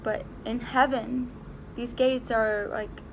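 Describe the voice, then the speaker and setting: A young woman vlogging a personal story to camera, halting and emotional, close to tears, with many fillers and restarts. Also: fairly high pitch, steady tone, noisy background.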